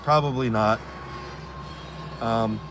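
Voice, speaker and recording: A man chats on a live stream outdoors, telling stories with lots of energy at a middle, everyday pitch. A faint hum of passing cars sits behind him. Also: takes it slowly. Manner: animated, acts out fans' voices. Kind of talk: casual storytelling chat.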